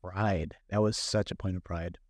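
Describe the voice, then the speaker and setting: A middle-aged man, a film director guest, telling stories in casual, animated talk full of fillers and quoted thoughts. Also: deep voice, normal speed, no room sound, studio quality. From San Francisco Bay Area. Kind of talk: casual conversational storytelling.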